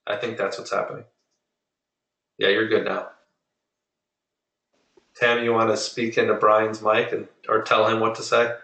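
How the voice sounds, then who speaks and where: A man teaching Spanish to a small group over a video call, patiently drilling and repeating words slowly. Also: fairly low pitch, little pitch movement, vocal fry, bright, forceful tone, echoey room, far from the mic, poor audio. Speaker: Spanish tutor. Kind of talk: online group lesson.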